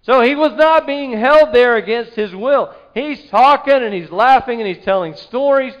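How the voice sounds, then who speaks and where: Man, pastor, high voice, animated sermon storytelling, dull lo-fi recording. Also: moderate pace. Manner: animated, acts out quoted voices.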